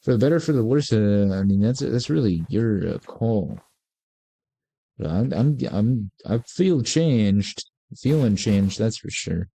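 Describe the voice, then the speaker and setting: A man's voice: lowish voice, animated, unhurried, mellow, husky, no echo. A man in his forties giving casual, rambling gameplay commentary with laid-back, self-mocking asides. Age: 40s. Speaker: gaming video creator.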